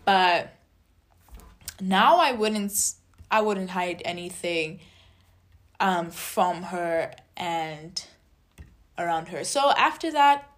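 A young adult woman telling a personal story in a casual vlog, chatty and animated, acting out quoted dialogue. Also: on the low side, drawn-out words, pauses often. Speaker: vlogger.

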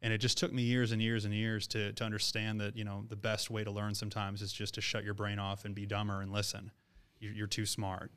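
A man's voice: fairly low pitch, completely flat delivery, brisk, a bit bright, clean tone. A man who owns a business, speaking as an interview guest and giving blunt, earnest advice about learning and work. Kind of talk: reflective interview talk.

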